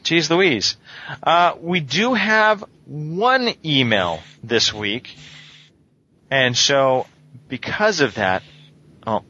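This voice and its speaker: A man's voice: mid-range voice, lively intonation, sharp tone. A man hosting a casual gaming podcast, running through long lists of releases with frequent fillers. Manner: reads long lists of titles briskly, with many fillers. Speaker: podcast host. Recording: slightly dull lo-fi podcast audio.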